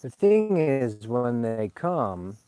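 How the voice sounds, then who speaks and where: Mellow-voiced rambling Swedish-raised man. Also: mid-range voice, sing-song, slow, no echo. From Sweden. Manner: meandering, digressive, confessional. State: slightly tipsy. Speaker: spiritual vlogger. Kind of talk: rambling casual monologue. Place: outdoors in a garden under a fruit tree.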